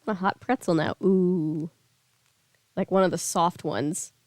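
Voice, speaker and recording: A woman's voice: on the low side, steady tone, unhurried, a little mellow, no echo. A woman hosting a casual read-aloud, breaking off into rambling, chatty asides full of fillers. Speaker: book reading host.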